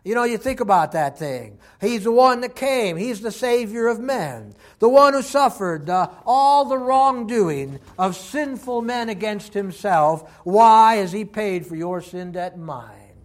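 High-voiced impassioned male preacher. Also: expressive, unhurried, few pauses. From Texas. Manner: impassioned preaching, swinging from loud to hushed. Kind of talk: sermon.

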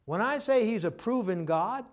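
A man's voice: sits high, expressive, moderate pace. A preacher telling a personal story in a sermon, talking conversationally and acting out the people he quotes. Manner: conversational, acts out quoted dialogue.

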